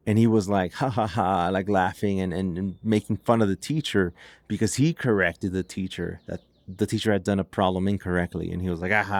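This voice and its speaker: Chatty low-voiced man telling a story. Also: a little mellow, dry recording. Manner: chatty, filler-heavy with many "like"s and restarts. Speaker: podcast host. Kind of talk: casual storytelling narration.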